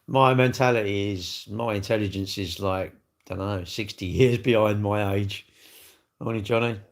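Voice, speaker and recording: An older man, hosting a casual livestream and chatting bluntly and jokily as he answers viewers' comments. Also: lowish voice. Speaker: livestream host. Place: indoors, seated.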